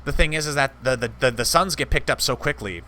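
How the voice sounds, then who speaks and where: A man's voice: mid-range voice, fairly quick, sharp tone, slight background noise. A man giving casual commentary on a strategy game, chatty, talking to his viewers and laughing easily. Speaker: gameplay host.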